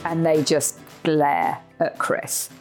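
Lively English woman telling a story. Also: low voice, takes it slowly, faint music behind. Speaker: podcast co-host, horse trainer. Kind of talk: storytelling podcast chat.

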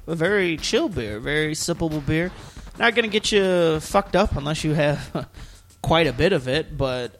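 A man co-hosting a podcast in casual chat, telling stories in an animated way and swearing freely. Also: fairly high pitch. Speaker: podcast co-host.

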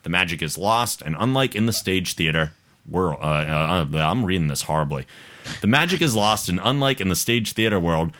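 A man's voice: deep voice, lively intonation, normal speed, fairly bright tone. A man hosting a casual podcast, reading a listener's email aloud, laughing often and stumbling over hard words. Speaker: podcast host.

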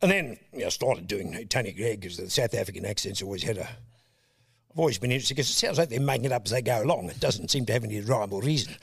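An Australian man in his sixties telling stories as a guest, animated and often laughing. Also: lowish voice, fast talker, vocal fry, slightly rough. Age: 60s. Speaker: guest, comedian. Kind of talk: casual storytelling interview.

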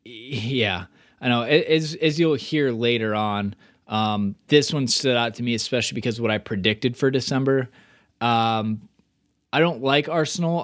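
A man hosting a casual podcast, talking energetically with fillers and quick restarts. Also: mid-range voice, no room sound, studio quality. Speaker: podcast host. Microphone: remote call microphone.

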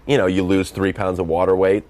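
A man's voice: deep voice, level tone, fairly quick, background noise. A young man in his twenties with a light Boston accent, rambling and self-deprecating as a guest in a casual interview. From Massachusetts, USA. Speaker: film director and comedian guest.

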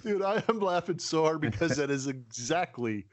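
A middle-aged man, co-hosting a podcast in casual chat, self-deprecating and quick to laugh. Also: on the high side, animated. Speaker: podcast co-host.

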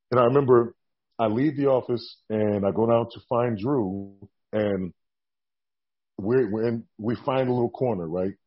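A man telling a long story in a casual interview, animated and acting out what people said. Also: on the low side, husky, muffled recording. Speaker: guest, former wrestler.

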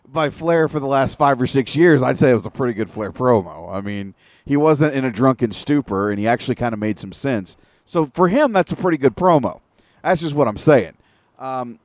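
A man's voice: medium pitch, darkish tone, no echo, studio quality. Profane ranting wrestling-talk man. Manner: ranting, profane, detailed recaps. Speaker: podcast co-host.

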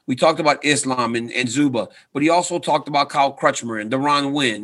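A man's voice: fairly high pitch, pushed and bright. A man in his thirties, a retired fighter, talking earnestly in a casual interview and often checking in with "right?". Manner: earnest, repeats "right?" for emphasis. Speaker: retired fighter and coach, guest.

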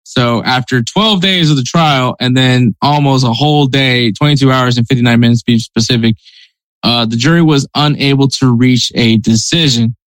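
A man hosts a podcast and talks through the news in a relaxed, conversational way, often hedging his points. His pitch is average. The recording is dry and close to the mic, with no room sound. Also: no echo, low-quality recording. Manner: conversational, hedging, reads headlines. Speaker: podcast host.

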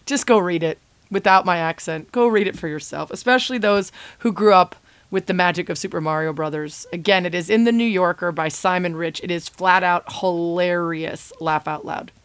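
A woman's voice: fairly low pitch, normal speed, clean tone, no echo. A woman in her thirties hosting her own podcast, talking in a chatty, self-deprecating and enthusiastic way. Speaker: podcast host. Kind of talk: casual solo podcast segment.

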